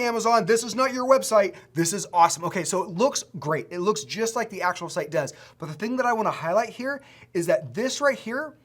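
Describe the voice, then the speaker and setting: A coding school instructor who reviews student projects in a casual screen-share video, excitable and gushing, rambling with restarts. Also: mid-range voice.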